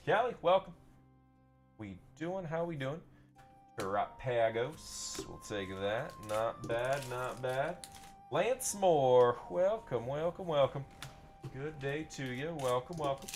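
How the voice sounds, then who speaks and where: A man's voice: medium pitch, lively intonation, slow pace, faint music behind. A young man hosting a live pack-opening stream, upbeat and chatty, greeting viewers by name and repeating phrases. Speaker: live card-breaking seller.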